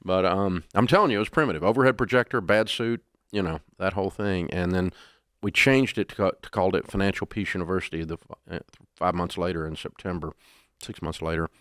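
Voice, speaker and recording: An older man as an interview guest, telling stories in a folksy, animated way. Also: sits low, fast talker, no room sound, clean studio sound. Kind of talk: storytelling interview.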